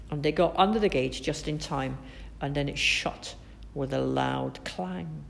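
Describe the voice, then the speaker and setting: A woman's voice: low voice, a little slow, gravelly. Woman reading a children's story aloud. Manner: expressive, animated storytelling. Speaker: narrator.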